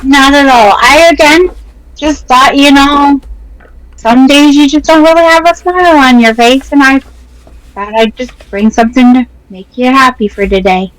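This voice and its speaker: A woman's voice: high-pitched, moderate pace, fairly bright tone, dry recording, poor audio. A woman playing her character in a tabletop game, sweet and eager, stammering at times. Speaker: player.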